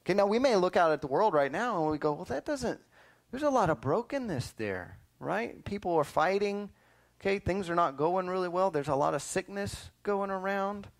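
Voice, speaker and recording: A man teaching a lively Bible lesson to children, quizzing them and often calling "listen up" to get their attention. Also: sits high, normal speed. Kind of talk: animated Sunday school lesson.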